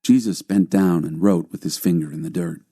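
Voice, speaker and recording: A man narrating a scripted Bible reading with a calm, steady delivery. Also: low voice, normal speed, breathy edge.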